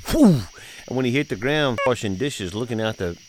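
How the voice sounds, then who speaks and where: Against a noisy background, a middle-aged man speaks briskly at medium pitch. He's a podcast host and father sharing family tales in a casual, folksy drawl, laughing frequently.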